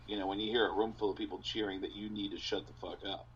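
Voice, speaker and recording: A man's voice: lowish voice, quick pace, dull audio, a little hiss or hum. A man, a comedian, telling stories in casual chat and acting out the voices of people in them. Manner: animated, acts out voices in his stories. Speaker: comedian guest. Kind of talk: casual storytelling.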